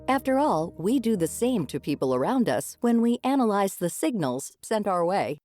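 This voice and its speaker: A woman host giving scripted radio narration in a smooth, measured read. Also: medium pitch, sing-song, dark tone, soft background music.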